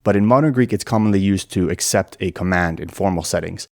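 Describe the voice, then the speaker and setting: A man narrating an educational video and explaining things clearly and methodically. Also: deep voice, quick pace, no room sound, studio quality. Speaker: language explainer.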